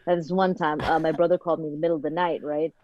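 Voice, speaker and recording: A woman's voice: deep voice, flat delivery, racing, a little mellow, dry recording, lo-fi sound. A talkative woman from the Philippines, a guest chatting casually on a podcast and filling her speech with "like". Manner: chatty, talks nonstop with lots of "like". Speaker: podcast guest, content creator. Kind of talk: casual chat.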